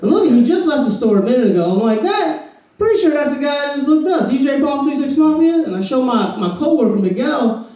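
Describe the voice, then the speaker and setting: Stand-up comic from Florida, Southern accent, very high male voice, loose rambling delivery, echoey room, distant mic. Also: animated, fairly quick, dark tone. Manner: rambling, laid-back, keeps saying "bro". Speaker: stand-up comedian. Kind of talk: stand-up comedy set. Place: comedy club stage.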